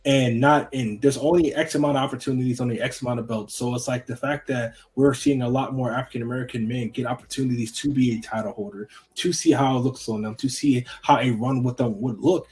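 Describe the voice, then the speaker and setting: A man's voice: a little fast, hardly any pauses. A man guest on a podcast, talking earnestly and casually, repeating phrases as he goes. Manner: earnest, repeats himself, goes high when excited.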